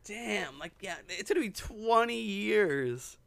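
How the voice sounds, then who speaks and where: A man's voice: high voice, expressive, slow pace, creaky, fairly bright tone, dry recording. A man in his twenties co-hosting a casual chat, tired, stammering and laughing often. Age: 20s. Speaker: podcast co-host.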